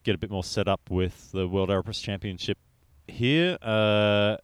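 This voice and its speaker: A male podcast guest speaking in a measured way, with frequent hesitations. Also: on the low side, clean tone, dry recording. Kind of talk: casual chat.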